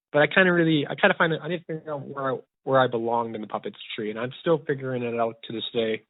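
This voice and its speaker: Young male podcast host, rambling and excited; dead, narrow phone-quality audio. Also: mid-range voice, no room sound. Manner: rambling, eager, many restarts. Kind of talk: casual storytelling chat. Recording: tinny phone-like dry sound.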